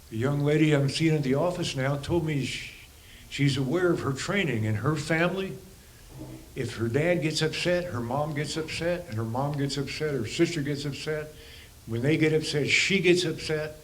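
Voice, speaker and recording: A man's voice: on the high side, low-quality recording. Musing man giving a spiritual talk. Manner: conversational, musing, with rhetorical questions and chuckles. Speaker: spiritual teacher and counselor. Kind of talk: reflective spiritual talk to a congregation.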